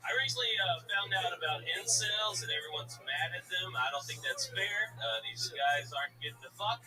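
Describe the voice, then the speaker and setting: High-voiced Southern man doing stand-up. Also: far from the mic, low-quality recording. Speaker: stand-up comedian. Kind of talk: stand-up set and banter. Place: comedy club stage.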